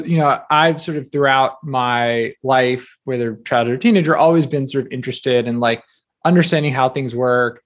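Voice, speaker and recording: A man in his thirties from New Jersey, a guest author talking casually in an interview, quick and filler-heavy with a self-deprecating streak. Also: medium pitch.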